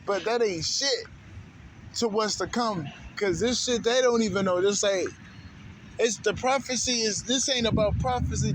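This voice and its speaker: A spiritual channel host with a high-pitched voice delivers an unscripted monologue, rambling from thought to thought in loose, profane slang. A little hiss or hum sits in the background.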